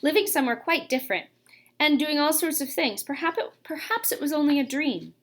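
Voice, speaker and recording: A soft-spoken, dreamy young girl from a storybook, read by a woman. Her high voice stays gentle even when she urges them on. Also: a little fast. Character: young girl, dreamy then sensible, practical.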